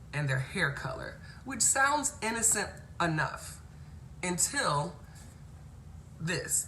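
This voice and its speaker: A woman's voice: on the low side, sharp tone, slight background noise. A woman from Cincinnati hosting a casual live stream who laughs often and greets viewers by name as she reads their comments. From Cincinnati, Ohio. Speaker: host.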